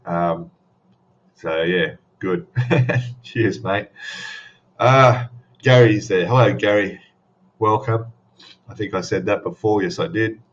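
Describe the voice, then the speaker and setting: Slow, sleepy man hosting. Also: on the low side, highs cut off. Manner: drowsy, rambling, laughs often. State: just woken up, voice still rough. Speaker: live stream host. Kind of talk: casual live-stream chat.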